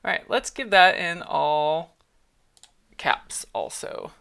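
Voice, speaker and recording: A woman's voice: lowish voice, sing-song, slow, gravelly, a bit bright, clean tone. A woman streaming her writing session, thinking aloud, reading her draft lines back and humming placeholders as she edits. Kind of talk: casual livestream talk while writing.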